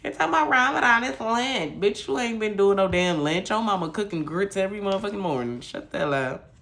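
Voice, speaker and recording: Gravelly woman from michigan on a live stream, blunt, cussing a lot, just chatting. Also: medium pitch, fast talker, fairly bright tone. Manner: blunt, profane ranting to viewers. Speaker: livestream host. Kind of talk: casual livestream chat.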